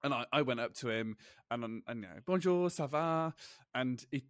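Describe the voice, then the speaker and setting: A British man hosts a relaxed podcast conversation. He rambles through anecdotes with stumbles, restarts and laughter, at a middling pitch. The sound is dry and close. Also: fast, dry recording. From Britain. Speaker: podcast host. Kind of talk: casual podcast chat.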